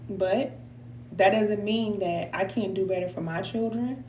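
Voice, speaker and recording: Her mid-range, darkish voice moves at a measured pace as she delivers a live tarot reading mixed with motivation. This middle-aged spiritual reader and coach sounds heartfelt and preacher-like, at times sighing with emotion, and drops casual slang. The room is echoey, with a little hiss or hum.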